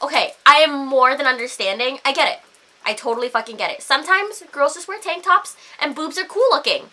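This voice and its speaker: A young woman vlogging a heated rant, full of swearing and filler "like"s. Her voice is high and bright. Her pitch leaps around as she talks. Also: lively intonation, a little fast. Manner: heated, swears a lot, constant "like". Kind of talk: ranting to camera.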